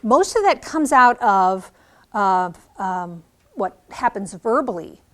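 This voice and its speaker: Middle-aged woman, teacher educator, lively classroom lecture, acts out examples. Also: medium pitch, slow pace. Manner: animated, demonstrates by acting out lines.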